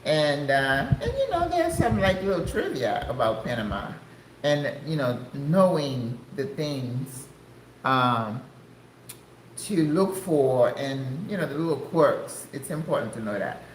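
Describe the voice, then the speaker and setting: An older woman from the United States chatting casually to her viewers, exclamatory and quick to laugh. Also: very deep voice, sing-song, a little hiss or hum. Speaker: vlogger. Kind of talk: casual chat. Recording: echoey room.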